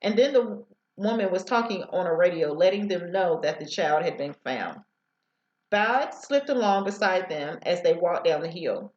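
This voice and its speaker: A woman's voice: lowish voice, lively intonation, normal speed, darkish tone, roomy sound, muffled recording. A woman teacher reading a novel aloud to students over a headset, sometimes stumbling over words.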